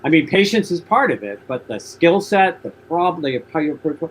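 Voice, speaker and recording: Male host, a bit high, earnest and enthusiastic, repeats himself, light background hiss. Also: animated, fairly quick, low-quality recording. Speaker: talk show host. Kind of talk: radio interview chat.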